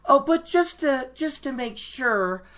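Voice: high voice, lively intonation, slow, a bit bright, pitched above the performer's own voice, heavily acted. A stubborn young village wise woman, shrugging off a question as if the answer were obvious, as a book vlogger reads her line aloud. She sounds matter-of-fact, barely bothering to explain herself, and is voiced lightly rather than fully acted. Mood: offhand.

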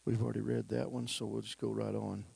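A male pastor preaching a sermon, swinging between loud declarations and hushed whispers. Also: lowish voice, flat delivery, quick pace, gravelly, slightly rough.

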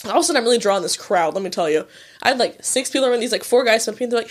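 A woman's voice: on the high side, animated, very fast. Young woman rambling thru a story, lots of likes and swearing, super casual. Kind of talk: casual chat.

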